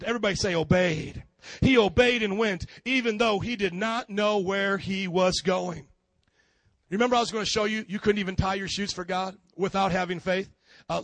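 A high-voiced male pastor preaches in an emphatic, animated way. He fires off rhetorical questions and acts out little scenes. The sound is dry and close. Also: no echo. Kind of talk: sermon.

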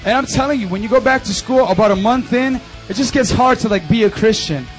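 A young man in his twenties giving an animated, chatty testimony and announcements to a youth group at a church service. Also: high-pitched, quick pace, faint music behind. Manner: animated and conversational, full of fillers. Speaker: youth ministry speaker.

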